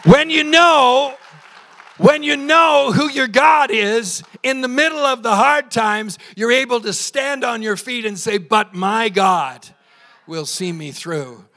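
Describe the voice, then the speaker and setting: A man's voice: extremely high pitch, slow, sharp tone. A man preaching a sermon at a church service, quoting scripture with passion and leading the congregation in call and response. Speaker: pastor.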